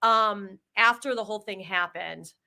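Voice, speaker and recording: Bright-voiced woman telling a rambling story. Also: mid-range voice, measured pace, vocal fry. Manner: rambling storyteller, animated retelling. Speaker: podcast co-host. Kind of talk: casual chat.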